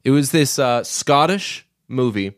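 A man's voice: medium pitch, lively intonation, measured pace, dry recording, studio quality. A man co-hosting a podcast, chatting casually about movies, rambling with many restarts and fillers. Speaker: podcast co-host.

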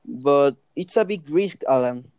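A mournful old male ghost in a homemade radio drama, voiced plainly by a man. His voice is mellow and low-key, recorded dry and close. He speaks in a sad, nervous way. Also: expressive, unhurried, clear, resonant tone, dry recording. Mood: sorrowful. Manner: sad, nervous reading of a scripted part. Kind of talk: amateur radio drama reading.

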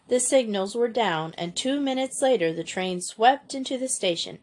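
A woman reading a storybook aloud in a measured, expressive way. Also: mid-range voice. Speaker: audiobook reader. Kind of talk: storybook narration.

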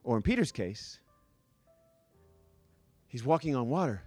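A male pastor preaching a sermon as a lively, joking storyteller who acts out the scenes he describes. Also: mid-range voice, a little slow, no room sound, soft background music.

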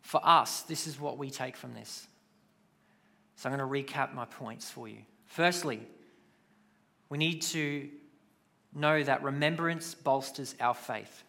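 A man's voice: medium pitch, unhurried, gravelly, pauses often, bright, forceful tone. A man preaching a sermon in a conversational way, with casual asides. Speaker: pastor.

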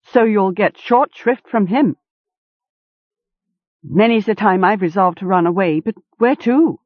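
A woman's voice: medium pitch, lively intonation, unhurried, no echo. A woman voicing a thin, half-starved male farm hound that is anxious and whimpering, in a storybook reading over a tinny line. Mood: warning. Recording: tinny phone-like sound.

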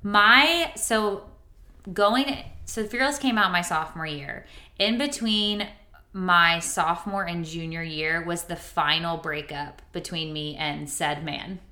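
Chatty woman podcaster, bright and roomy. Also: lowish voice, slow pace. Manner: chatty, storytelling, reads lyrics aloud. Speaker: podcast co-host. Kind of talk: casual chat about songs.

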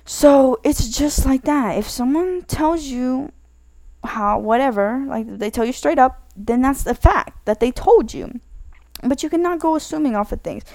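Gravelly-voiced woman rambling casually. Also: sits high, unhurried, darkish tone, no room sound. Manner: rambling, self-correcting, many "like" fillers. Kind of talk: casual advice monologue.

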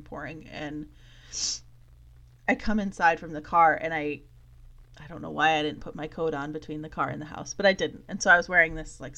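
A woman in her thirties from Vermont chats in a casual, animated way, laughing often as she tells stories. Her voice sits a little low for a woman. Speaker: podcast host, parent. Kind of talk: casual chat.

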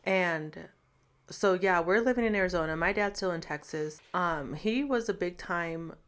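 A woman's voice: on the low side, normal speed, clean tone. A woman frankly telling her own life story in a casual interview, with many fillers. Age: adult. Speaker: guest. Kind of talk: candid personal storytelling.

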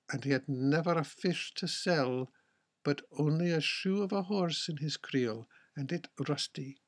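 A man narrating an old-fashioned folk tale in a measured storytelling manner. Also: mid-range voice. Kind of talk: storybook reading.

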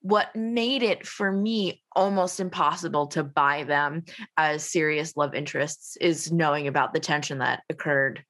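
A woman's voice: low voice, unhurried, a bit bright. A woman on a podcast panel giving frank, opinionated takes on a film, with plenty of "like" fillers. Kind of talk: casual film discussion.

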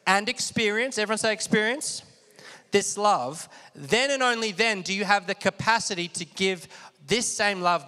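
In a high, pushed and bright voice, a pastor drives an energetic sermon, prompting the congregation to repeat after him. Long hall reverb fills the recording.

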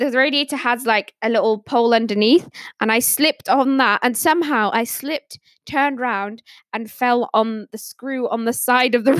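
A woman's voice: on the high side, a bit bright, no room sound, clean studio sound. A young woman on a podcast panel, casually telling stories and laughing often as she talks. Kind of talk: casual storytelling.

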